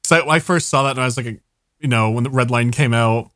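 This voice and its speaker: A man adding wry, deadpan comments in a casual chat. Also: medium pitch, fairly quick, no room sound, studio quality.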